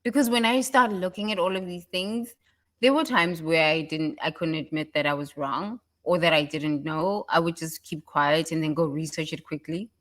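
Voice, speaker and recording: Woman doing a chatty self-help talk, lowish voice, laughs a lot, very animated. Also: moderate pace. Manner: animated, laughs often, mimics others in high voices. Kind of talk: casual motivational monologue.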